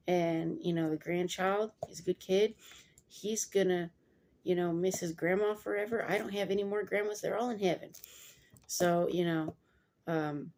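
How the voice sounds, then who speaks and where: Lady reading the bible then rambling about it, kinda low and gravelly. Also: a little mellow. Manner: chatty, digressive, many fillers. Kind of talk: Bible reading with casual commentary.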